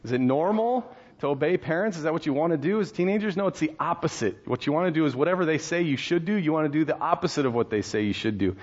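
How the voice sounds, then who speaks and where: A man's voice: on the high side, animated, fast, few pauses, highs cut off. A male pastor in his thirties preaching a sermon in a conversational, storytelling way, with rhetorical questions and laughs.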